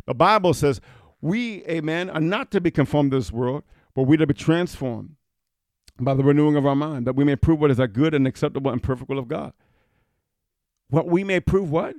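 Fiery male preacher, high voice, dry close mic, swings from shouting to quiet scripture reading. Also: a little fast, no echo. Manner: peppers speech with amen and hallelujah; reads scripture in King James wording. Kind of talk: fiery sermon.

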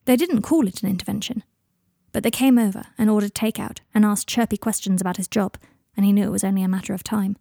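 Low key woman reading a story, soft, gravelly, super dry sound. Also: fast, dry recording. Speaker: narrator. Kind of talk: audiobook reading of fan fiction.

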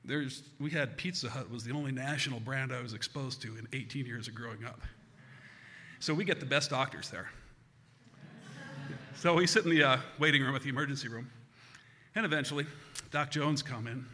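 A man from the United States tells a comic story live, animated and self-mocking, with a bright, forceful voice at a middling pitch. His voice rings with a long hall reverb. A faint hiss sits underneath. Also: brisk, long pauses.

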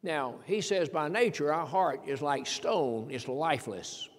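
A man's voice: on the high side, a little slow. A man, a pastor preaching a sermon, emphatic and repetitive, asking rhetorical questions. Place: church sanctuary. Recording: long hall reverb.

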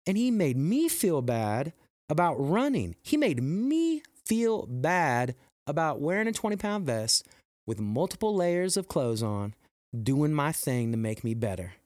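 A middle-aged man hosting a motivational podcast. He speaks slowly and earnestly, rambles and restarts, and his voice jumps high when he quotes people. The recording is close and dry. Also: big pitch swings, darkish tone, no room sound. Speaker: podcast host.

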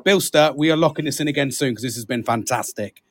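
A man's voice: medium pitch, quick pace, a little hiss or hum. A British man hosting a casual podcast, chatty, laughing often and calling his co-host mate. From Britain.

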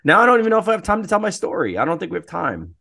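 A man co-hosting a casual podcast chat, telling rambling stories and clearing his throat often. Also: sits high, huge pitch swings, rapid-fire, bright, forceful tone. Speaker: podcast co-host.

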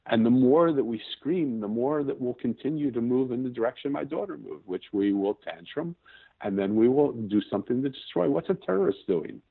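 Over a tinny phone-like line, a podcast guest in his fifties shares a personal story with earnest sincerity. His fairly low voice has a breathy edge, and he frequently restarts sentences while searching for the right words.

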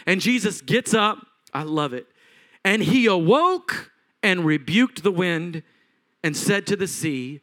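A man preaching a sermon as pastor, telling a story with animated swings between loud and hushed. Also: high voice, measured pace.

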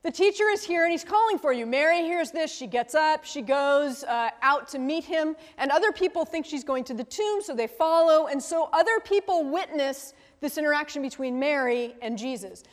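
A woman's voice: high-pitched, animated, normal speed, hardly any pauses. A woman leading a conversational Bible study, thinking aloud and asking the group questions with a frequent "right?". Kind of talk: conversational scripture teaching. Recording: long reverb from a hall.

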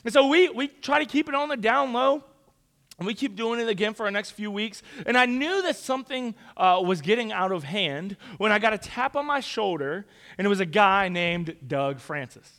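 A young man telling a story to a crowd in a lively, casual, conversational way. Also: high-pitched, normal speed. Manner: animated, conversational, casual slang. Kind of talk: storytelling talk.

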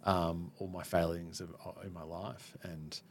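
Speaking with a low pitch and flat delivery, a man hosts a candid podcast conversation. He reflects openly on himself with frequent halting restarts, and a little hiss or hum can be heard.

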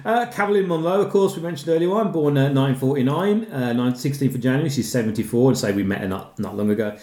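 A man's voice: mid-range voice, fast talker, darkish tone, echoey room. A man with a Birmingham accent co-hosting a podcast, chatting casually about a film with frequent laughs and rambling asides. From Birmingham, England. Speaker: podcast co-host.

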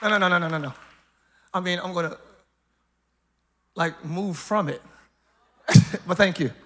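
A man preaching a live church sermon as pastor, joking with the congregation, hyped up and breaking into shouts and laughs. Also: high voice, measured pace, a faint crowd, a little hiss or hum. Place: church service.

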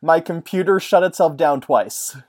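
A podcast host chatting casually and joking, drifting in and out of put-on mock accents. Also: male voice, fairly high pitch, normal speed. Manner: jokey, puts on mock accents.

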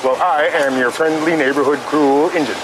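An actor playing a calm, mocking, unhinged man who taunts a bound captive, heard in film audio over loud rain. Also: on the high side, normal speed, very noisy, lightly acted. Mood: coldly mocking.

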